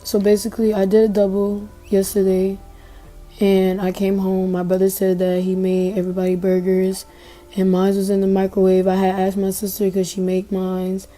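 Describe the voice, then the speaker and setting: A woman's voice: mid-range voice, completely flat delivery, moderate pace, warm tone, faint music behind. A young woman telling her own story in a casual, emotional way, acting out what others said to her. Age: young adult. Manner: emotional, quotes others in conversation. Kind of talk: casual personal retelling.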